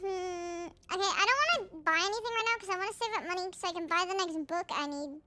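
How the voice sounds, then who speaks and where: A woman streamer giving casual, excitable gameplay commentary and swearing freely. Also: very high voice, quick pace, no echo, soft background music.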